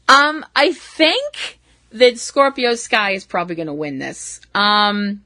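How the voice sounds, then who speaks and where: A woman's voice: high-pitched, expressive, measured pace, bright, forceful tone, no echo. A middle-aged woman hosting a wrestling podcast, talking casually on her own in a chatty, profane, playfully exasperated way. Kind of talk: casual solo commentary.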